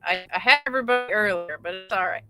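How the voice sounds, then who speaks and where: Woman, trucker, late-night livestream chat, rambling, bright tense voice. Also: mid-range voice, quick pace, soft background music, rough recording. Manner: chatty and rambling, with many "like" fillers. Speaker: truck driver hosting a livestream. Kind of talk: casual late-night livestream chat, reading viewer comments.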